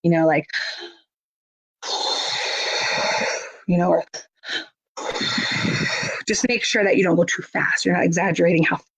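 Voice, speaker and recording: A woman's voice: lowish voice, fairly even intonation, a little fast, pauses often, slight background noise. A woman giving a casual parenting lesson, chatty and full of fillers, acting out feelings with a bigger voice. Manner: chatty, many fillers, acts out emotions in bigger voice. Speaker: parenting educator. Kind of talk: casual instructional talk. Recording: dull lo-fi audio.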